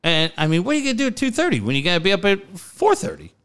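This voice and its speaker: A middle-aged man, co-hosting a sports talk show and telling stories in an excitable, profane way. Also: high voice, racing, clean tone. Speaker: sports radio co-host. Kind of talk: casual chat.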